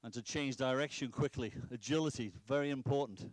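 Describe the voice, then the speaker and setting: A man's voice: mid-range voice, brisk, no echo. A middle-aged man from Britain, a soccer coach calling out instructions during a drill demonstration. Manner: directive, instructive, calls out drills.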